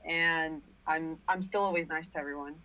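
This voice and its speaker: A woman's voice: sits low, fairly even intonation, normal speed, sharp tone, poor audio. A young woman on a casual podcast, talking hesitantly with lots of fillers. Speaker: podcast guest.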